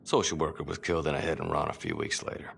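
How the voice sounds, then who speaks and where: An actor voicing a crude, mocking police detective in a game who taunts and swears. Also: male voice, extremely low pitch, fast, vocal fry, fairly bright tone, slight background noise, heavily acted. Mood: sneering. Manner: sneering, profane, taunting.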